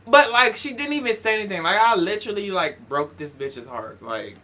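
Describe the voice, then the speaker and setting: A young man telling a story in a casual vlog, animated, profane and sassy. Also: high-pitched, brisk. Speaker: YouTuber.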